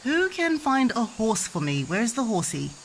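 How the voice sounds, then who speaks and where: A woman playing pretend with her child, teaching animal names in an animated, playful sing-song way. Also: fairly high pitch, moderate pace, a little hiss or hum.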